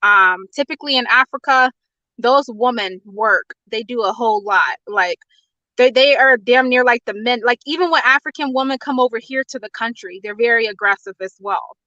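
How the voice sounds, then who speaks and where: A woman's voice: on the high side, moderate pace, pushed and bright, dry recording, lo-fi sound. An out-of-breath woman giving blunt opinions in a casual chat, talking over the other speaker. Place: in her car on a work break.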